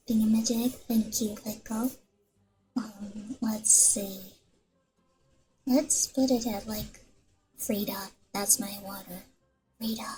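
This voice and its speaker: Soft-spoken nervous young woman streamer. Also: a little high, rough recording. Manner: soft-spoken, often whispering; nervous, rambling. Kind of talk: casual ASMR stream chat. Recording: music playing behind.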